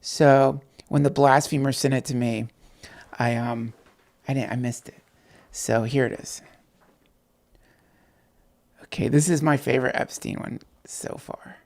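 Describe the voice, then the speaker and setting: Gravelly rambling livestream host, a man. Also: mid-range voice, a little slow, pauses often. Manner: rambling, profane, excitable, talks to viewers. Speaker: podcast host on a night livestream. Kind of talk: casual rambling livestream chat.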